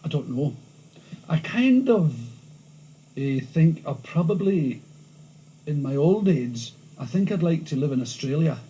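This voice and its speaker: Glaswegian man in a lively interview. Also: a little high, measured pace, long pauses, poor audio. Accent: Glasgow. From Scotland. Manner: animated storytelling, frequent restarts. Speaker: interviewee, comedian. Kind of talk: candid interview chat. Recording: old VHS tape with faint hiss.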